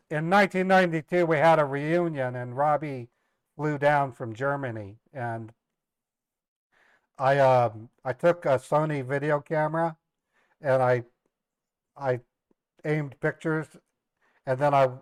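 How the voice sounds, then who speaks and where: A middle-aged man, a live streamer and scambaiter, casually shares family stories on a livestream, rambling, repeating words and laughing at his own jokes. His voice is medium-pitched and smooth, with no room sound.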